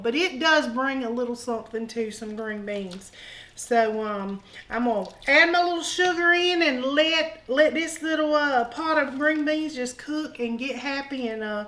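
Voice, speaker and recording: In her home kitchen, a woman hosts a cooking show and demonstrates a dish casually, joking in a folksy way and calling her viewers honey. Her voice is fairly high and a bit bright, and the recording quality is low.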